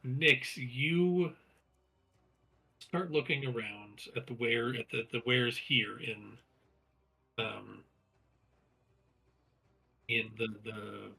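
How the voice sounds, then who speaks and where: Husky, bright-voiced male game master. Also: medium pitch, drawn-out words, pauses often, rough recording. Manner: hesitant, searching for words. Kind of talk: narrating a tabletop game.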